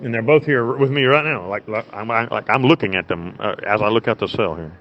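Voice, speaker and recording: A man's voice: fairly low pitch, a little fast. A man from the United States, a prison inmate, telling stories bluntly and profanely from his cell over a cell phone, with many restarts. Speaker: interview guest, prison inmate. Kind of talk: rambling conversational storytelling. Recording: muffled lo-fi phone line with faint noise.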